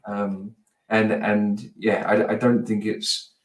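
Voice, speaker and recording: A man's voice: lowish voice, little pitch movement, slow. Man, roomy distant sound. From United Kingdom. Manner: hesitant, rambling, many restarts and fillers. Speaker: podcast guest. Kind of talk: casual chat.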